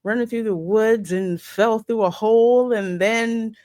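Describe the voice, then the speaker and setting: A woman co-hosting a casual film review chat. She talks in an animated, hurried way, with many restarts. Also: fairly high pitch, no echo.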